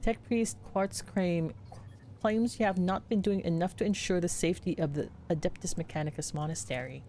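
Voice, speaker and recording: A woman's voice: lowish voice, normal speed, mellow, slight background noise, lightly acted. A woman streamer voicing a tired, beleaguered male planetary governor from a video game. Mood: weary. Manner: tired, defensive and apologetic.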